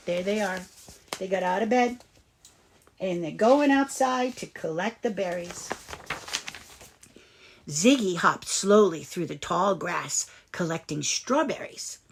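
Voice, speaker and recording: Female storyteller for kids, slow and patient, explains the words. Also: lowish voice, animated, a little hiss or hum. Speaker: children's story reader. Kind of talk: reading aloud to children.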